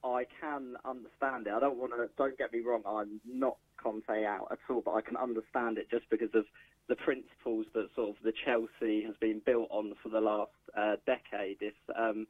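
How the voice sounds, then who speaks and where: A man calling into a sports radio show, measured and hedging with fillers. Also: on the low side, little pitch movement, slightly rough, dry recording. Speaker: caller. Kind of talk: phone-in chat. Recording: tinny dry phone line.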